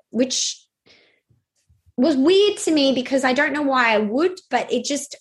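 Young woman, slightly high voice, interviewee; halting, hesitant storytelling with lots of fillers. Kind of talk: personal storytelling.

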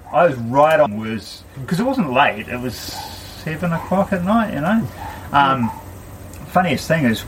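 A man's voice: mid-range voice, slight background noise, low-quality recording. A man telling anecdotes at a family gathering, laughing as he goes. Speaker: family storyteller. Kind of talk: telling stories among family. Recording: informal recording over a lively crowd. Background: crowd chatter.

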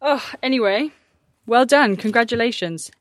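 A woman's voice: on the high side, normal speed. A woman farmer chatting casually in a rambling, self-mocking way as she vlogs from her farmyard. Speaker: farmer and vlogger. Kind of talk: casual vlog narration. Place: farmyard outdoors.

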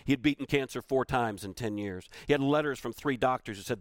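A man's voice: medium pitch, lively intonation, brisk, few pauses, no echo, studio quality. A man giving a motivational keynote. He tells a personal story with emphasis and repeats key phrases for weight. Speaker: motivational speaker.

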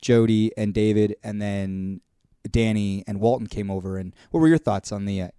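A man hosting a podcast in casual chat, telling stories with animated acted-out voices. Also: fairly low pitch, moderate pace, clear, resonant tone, no room sound, clean studio sound. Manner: animated storyteller, acts out voices. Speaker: podcast host.

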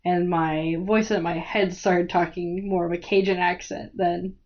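A woman's voice: lowish voice, level tone, unhurried. A woman with an American accent, a guest on a podcast, chatting easily and agreeing often. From United States. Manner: easygoing, agreeable, chimes in briefly. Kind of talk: casual book-club chat. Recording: dull lo-fi podcast audio.

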